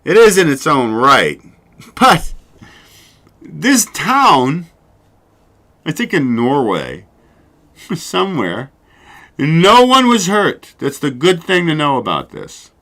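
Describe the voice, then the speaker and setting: A man's voice: a little high, big pitch swings, takes it slowly, long pauses, bright, forceful tone. A man hosting his own show, chatting casually and rambling, swearing freely and laughing often. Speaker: show host. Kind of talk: casual solo livestream chat.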